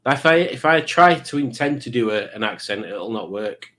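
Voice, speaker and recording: A man's voice: mid-range voice, lively intonation, moderate pace, pushed and bright. A middle-aged man, hosting a live quiz stream in a chatty, rambling, teasing way. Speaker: livestream quiz host. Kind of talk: casual live-stream chat.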